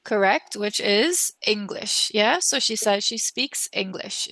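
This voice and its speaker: Woman, French teacher, gravelly voice, dry sound, encouraging, video call. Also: mid-range voice, lively intonation, takes it slowly, a bit bright, no echo. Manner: encouraging, switches between English and French. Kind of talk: online class instruction.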